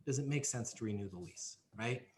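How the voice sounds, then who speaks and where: A man's voice: medium pitch, fairly quick, slight background noise. A man as a podcast guest, coaching on leasing sales in an emphatic, hands-on way. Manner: emphatic, coaching, acts out role-play examples. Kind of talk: podcast interview, teaching sales steps.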